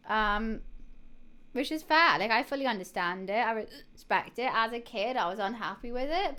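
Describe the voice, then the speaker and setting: A woman's voice: a little high, sharp tone. A young woman, streaming live and chatting casually to her viewers while she has the hiccups, rambling with lots of fillers and restarts.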